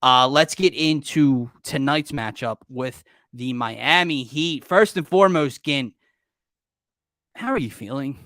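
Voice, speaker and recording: A man hosting a casual sports talk show, excitable and rambling, often cutting himself off mid-thought. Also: medium pitch, takes it slowly, no echo, studio quality. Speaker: podcast host.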